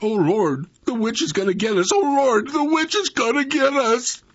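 A terrified young boy, his voice shaky and pitched way up, as a man reading a story puts him on. The voice is slightly husky, and the recording is dull and lo-fi. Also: very animated, measured pace, no echo, exaggerated voice. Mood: hysterical. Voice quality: shaky, high and strained. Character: frightened young boy, trembling and panicky.

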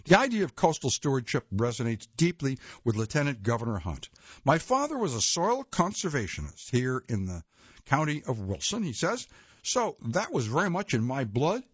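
Husky man reading nonfiction aloud, lively pitch. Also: no room sound. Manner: measured reading with occasional slips and self-corrections. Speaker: reader. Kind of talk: read-aloud nonfiction narration. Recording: dull lo-fi dry recording.

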